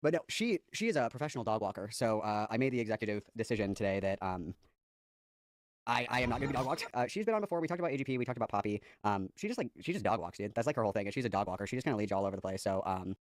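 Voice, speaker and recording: A man's voice: fairly low pitch, lively intonation, no room sound, clean studio sound. A man in a heated online debate, sarcastic and profane. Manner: sarcastic, profane, fast-talking. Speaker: streamer in a played debate clip.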